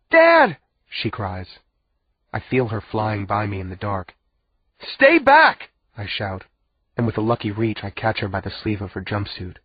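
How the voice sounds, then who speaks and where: Husky, low male narrator, lively delivery, tense storytelling, dull lo-fi recording. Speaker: audiobook narrator. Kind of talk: first-person audiobook narration.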